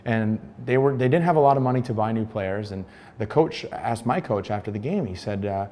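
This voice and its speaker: A man's voice: lowish voice, brisk. An American man in his thirties, a former pro soccer player, recounting his story in an interview and acting out the dialogue he quotes. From United States. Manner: animated retelling, acts out quoted dialogue.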